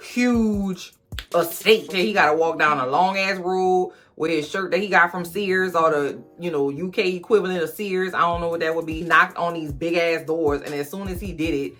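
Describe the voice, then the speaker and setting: A woman, recapping a movie in a sassy, profane, comic way and acting out characters in quick voices. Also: lowish voice, fairly bright tone, faint music behind.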